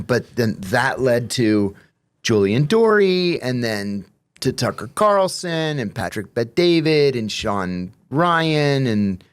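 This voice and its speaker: A man who is a former intelligence officer, telling anecdotes as a guest in a measured, explanatory way. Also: mid-range voice, clear, resonant tone. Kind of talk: conversational anecdotes.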